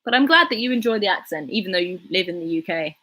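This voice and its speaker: A young woman in her twenties speaks with a soft, breathy voice and a Southern English RP accent. She rambles through a casual livestream chat, reading viewers' comments aloud and answering them as she goes. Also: fairly low pitch, lively intonation, fast talker. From England. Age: 20s. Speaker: livestreaming YouTuber.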